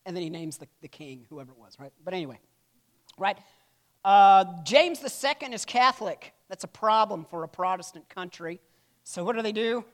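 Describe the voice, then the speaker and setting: With a medium-pitched, expressive voice, a church history instructor lectures loosely, checking in with "right?" and "okay?" and slipping in joking tangents along the way.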